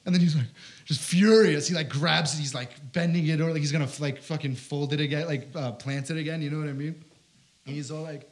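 A young man in his twenties tells a stand-up story in a loose, rambling way. He swears often and leans on filler words. His voice sits slightly high for a man. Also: brisk. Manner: profane, rambling, lots of "like". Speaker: comedian.

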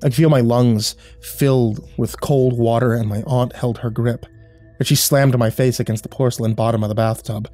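A man telling a first-person horror story as scripted narration, grim and measured. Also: mid-range voice, fairly even intonation, warm tone, soft background music.

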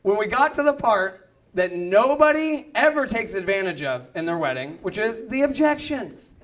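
High, bright-voiced stand-up comic, self-mocking. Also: male voice, sing-song, moderate pace. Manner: punchy, self-mocking storytelling with shouted punchlines. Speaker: stand-up comedian. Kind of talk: stand-up comedy set. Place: comedy club with a live audience. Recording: live club recording with crowd. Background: audience laughter.

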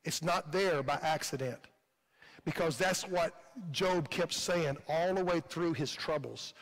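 A man's voice: a little high, unhurried. A male pastor with a Midwestern American accent preaching a sermon in a fervent, repetitive cadence, recorded in a church sanctuary. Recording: long hall reverb.

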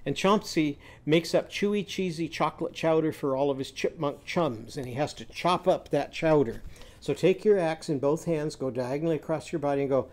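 A man's voice: a little high, moderate pace, a little mellow. A middle-aged man teaching phonics, demonstrating hand gestures and chanting playful animal sounds in a sing-song way. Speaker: literacy teacher.

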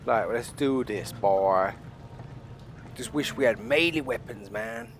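Loud, swearing gaming host. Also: male voice, medium pitch, takes it slowly, slight background noise. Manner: loud, swearing, keeps calling out to viewers. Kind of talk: let's play commentary.

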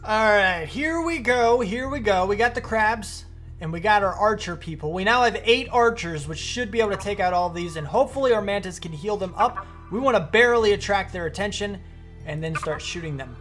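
A gaming streamer giving excitable let's-play commentary and rapidly repeating commands. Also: medium pitch, faint music behind.

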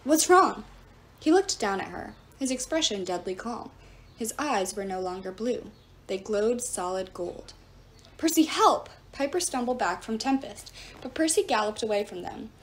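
A woman's voice: mid-range voice, lively intonation, normal speed. A woman reading a novel aloud, narrating expressively and switching into the characters' voices.

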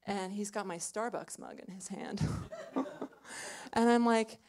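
A woman's voice: mid-range voice, steady tone, moderate pace, a crowd in the background. Young woman, live stage storyteller, loose self-deprecating patter. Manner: chatty, self-mocking, full of "like" and "you know". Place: small club stage before an audience.

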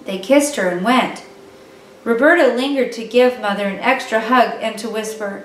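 A woman narrating a children's book aloud in a gentle, clear reading voice. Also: fairly high pitch, moderate pace. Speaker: storyteller. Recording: echoey room, distant mic, faint music.

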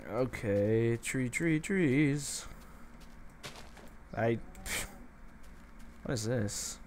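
A man in the middle of his range, narrating a video game in a loose, goofy way. He drawls along unhurried and talks straight to the creatures on screen. A soft hiss sits faintly under his voice. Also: medium pitch. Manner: playful, chatty, talks to the animals he meets. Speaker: gameplay commentator. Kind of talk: casual let's-play commentary.

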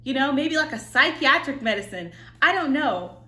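A woman hosting a casual reaction video, excitable and thinking out loud. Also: high-pitched, moderate pace, roomy sound. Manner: excitable, exclaims and thinks aloud.

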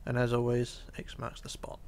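Yawning and worn out, a gravelly-voiced tutorial host talks through a casual game guide in a medium pitch at normal speed. He stays relaxed, quietly counts blocks, and at times sinks almost to a whisper.

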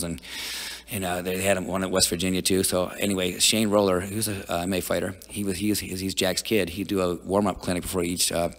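A man talking as a podcast guest, telling stories in an energetic, rambling way with many restarts. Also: low voice, big-room sound. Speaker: guest wrestling coach. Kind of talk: casual storytelling.

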